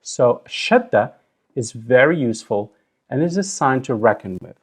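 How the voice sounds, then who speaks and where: A man teaching a recorded language lesson, sounding out syllables slowly and deliberately. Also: medium pitch, expressive, husky. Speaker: Arabic teacher.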